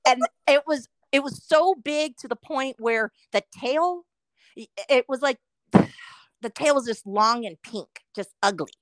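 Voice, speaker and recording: A middle-aged woman co-hosting a casual podcast, telling a story with constant swearing and lively animation. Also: high-pitched, measured pace, dry recording. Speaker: podcast co-host.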